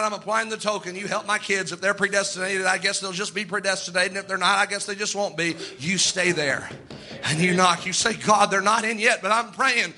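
A man's voice: high voice, sharp tone. A man preaching a fervent sermon, acting out the people in his stories.

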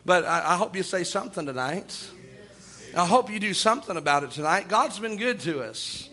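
A man preaching a sermon. His voice sits high and sounds bright and forceful, and he tells folksy stories with little chuckles. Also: expressive, moderate pace.

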